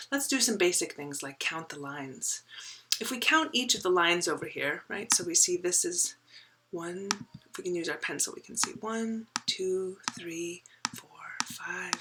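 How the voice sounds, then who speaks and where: Bright-voiced woman teaching a poem. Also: lowish voice, a little hiss or hum, poor audio. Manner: explains step by step, often asks "right?"; drops to a soft whisper while reading and counting. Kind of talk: poetry lesson with board work.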